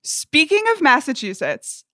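A woman co-hosting a podcast in casual pop-culture chat, wry and quick with her critiques, close to the microphone. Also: high voice, huge pitch swings, sharp tone, no echo. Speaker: podcast co-host.

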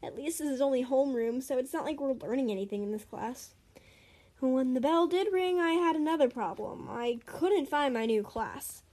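A woman's voice: high-pitched, moderate pace, mellow. A young woman reading her own stories aloud in a chatty way, breaking off for giggly asides. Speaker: storyteller.

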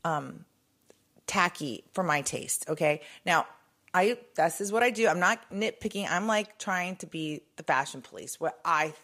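Middle-aged female co-host, lower pitch, rambling gossipy delivery. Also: expressive, measured pace, a bit bright. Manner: chatty, rambling with restarts and fillers. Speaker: show co-host. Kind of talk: casual gossip chat.

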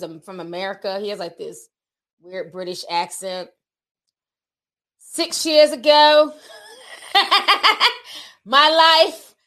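Blunt, slangy woman with a high voice. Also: a bit bright. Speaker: commentary channel host. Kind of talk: opinionated video commentary.

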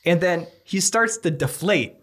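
A young man telling a comedic movie pitch on a podcast, laughing often and acting out the characters' lines. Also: animated, unhurried, fairly bright tone. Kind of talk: casual comedic storytelling.

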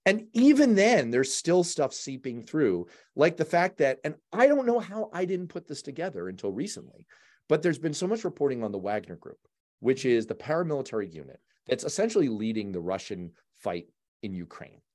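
A man's voice: medium pitch, big pitch swings, normal speed, a little mellow. A man hosting a casual political chat in a chatty, long-winded way. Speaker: podcast host.

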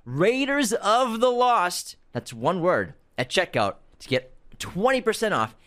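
Brief: young male co-host, teasing banter, animated intonation. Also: high voice, unhurried. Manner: joking, playful banter. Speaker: podcast co-host. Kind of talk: casual chat with ad reads.

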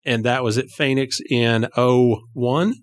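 A man's voice: medium pitch, fairly even intonation, unhurried, dry recording, clean studio sound. A man hosting an interview, giving short reactions and asking follow-up questions. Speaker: podcast host.

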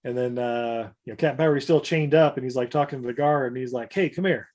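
A man in a casual podcast chat, retelling a TV episode scene by scene with loose fillers, frequent laughs and quick mock voices for the characters. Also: medium pitch, fairly even intonation, a little mellow. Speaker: podcast co-host recapping a TV episode.

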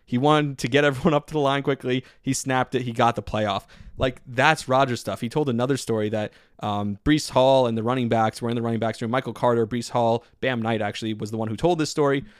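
Rambling excitable man, dry close mic. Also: medium pitch, brisk, hardly any pauses, clear, resonant tone, dry recording. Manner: excitable, rambling, lots of "like" fillers. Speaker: podcast host. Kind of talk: solo sports podcast monologue.

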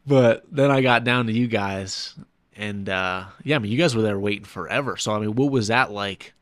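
A man telling a story in casual podcast chat, animated, often acting out what he said. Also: fairly low pitch, moderate pace, no echo. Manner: animated storytelling, acts out his own quotes. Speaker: ultramarathon runner recounting his race.

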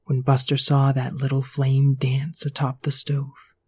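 A performer narrating a children's story in a lively, storytelling manner. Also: mid-range voice, a little slow, slightly rough, no echo.

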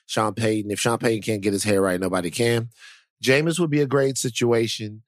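A man's voice: fairly low pitch, steady tone, brisk, no room sound, clean studio sound. A man co-hosting a podcast in casual chat, rambling with many fillers and restarts. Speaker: podcast co-host.

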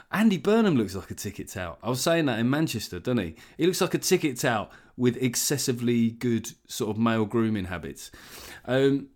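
A man hosting a podcast, talking in a rambling, sweary way with jokey asides. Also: mid-range voice. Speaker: podcast host. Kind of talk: casual solo monologue.

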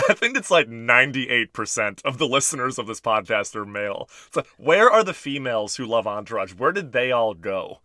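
A man hosting a podcast, reading sponsor notes and chatting with a guest in an upbeat way, quick to laugh. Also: mid-range voice, sing-song, bright, forceful tone, dry recording, clean studio sound. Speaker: podcast host. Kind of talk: casual podcast chat.

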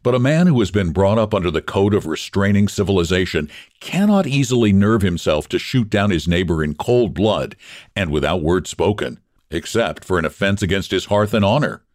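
A man narrating a story in an expressive, measured reading. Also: low-pitched, no echo, studio quality.

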